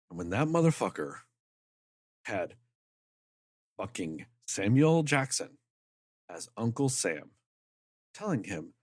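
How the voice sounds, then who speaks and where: A man's voice: medium pitch, no room sound, studio quality. A man co-hosting a podcast, ranting in a heated, emphatic way and swearing freely. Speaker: podcast co-host. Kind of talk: casual podcast chat.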